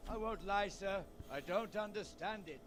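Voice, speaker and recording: An actor as an earnest troubled priest. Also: male voice, sits high, normal speed, lightly acted. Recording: game audio over music.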